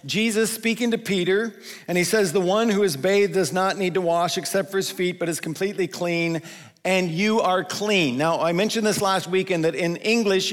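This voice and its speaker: A male pastor giving a conversational sermon, slowing down to stress the scripture he quotes. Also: sits high, long reverb tail. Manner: conversational preaching, quotes scripture with slowed emphasis.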